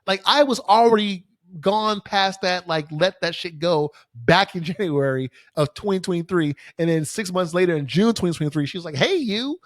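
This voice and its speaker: A young man hosts his own podcast, ranting with loose, profane, filler-heavy talk. His voice sits a bit higher than most men's. The sound is close and dry, with no room around it. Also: normal speed, no room sound. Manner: casual, profane, exasperated ranting with many fillers. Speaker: podcast host. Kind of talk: solo podcast storytelling. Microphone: studio microphone facing camera.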